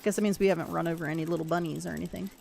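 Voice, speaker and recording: A woman's voice: on the low side, fairly even intonation, racing, creaky, darkish tone, a little hiss or hum. An American woman chatting casually on a game livestream, reacting to chat and to what happens in play. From United States. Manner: chatty, reacts to chat and gameplay as she plays. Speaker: game streamer.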